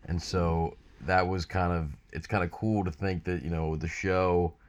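A man with a very low voice introduces old podcast clips. He speaks haltingly, pausing with fillers as he reflects. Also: level tone. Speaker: show host introducing clips.

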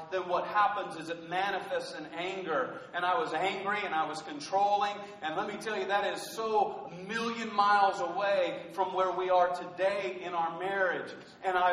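A man's voice: high voice, a bit bright. A male pastor preaching a rousing sermon, asking the congregation rhetorical questions. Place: large church hall. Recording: echoey hall from far off.

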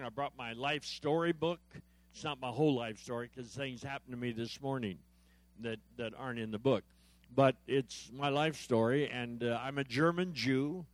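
A man's voice: on the high side, fairly bright tone, no room sound. A male guest preacher giving a humorous sermon at a church service. He tells jokes, acts out the dialogue in his stories and calls out to the audience for responses. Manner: joke-telling storyteller, acts out dialogue.

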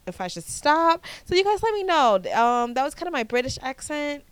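A woman in her twenties from the United States, hosting her own podcast in a casual, animated chat with frequent restarts. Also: high-pitched, moderate pace, no room sound. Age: 20s. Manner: chatty, animated, repeats herself and restarts often. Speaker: podcast host.

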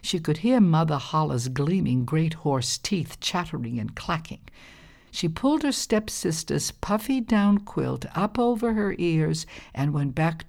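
A woman reading a storybook aloud with calm, measured, expressive narration. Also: deep voice, creaky.

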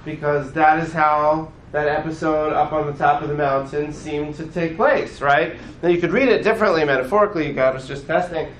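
A man teaching a class as a rabbi, in casual classroom style, animated and often checking in with his listeners. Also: a little high, brisk, few pauses, reverberant, a little hiss or hum, poor audio. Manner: animated, acts out voices of the story, frequent "right?".

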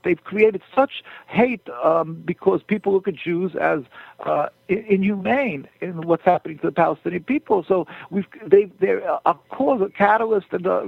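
Halting, high-voiced rabbi on a phone line. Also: male voice, gravelly, husky, no echo. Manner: earnest, halting, with many restarts and repeats. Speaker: rabbi, radio guest. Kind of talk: phone-in radio interview. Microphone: telephone. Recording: tinny phone line, dry.

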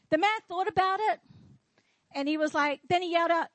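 High-voiced woman preaching a sermon. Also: brisk, no echo, rough recording. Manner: declaring, rhetorical questions to the congregation. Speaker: pastor. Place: church.

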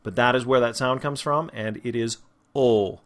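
A man teaching a podcast lesson on vowel sounds, explaining patiently and sounding out each vowel slowly and clearly. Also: medium pitch, steady tone, a bit bright. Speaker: voice and speech teacher.

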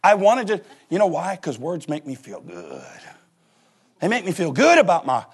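Lively high-voiced folksy preaching man. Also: normal speed, slightly rough. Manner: folksy, joking, animated preaching. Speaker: pastor. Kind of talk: sermon. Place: church.

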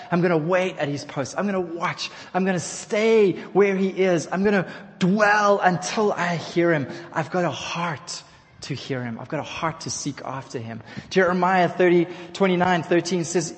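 A man preaching a sermon to his congregation, leading call-and-response and building to loud exhortation. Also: high voice, normal speed. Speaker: pastor. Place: church hall. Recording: long hall reverb.

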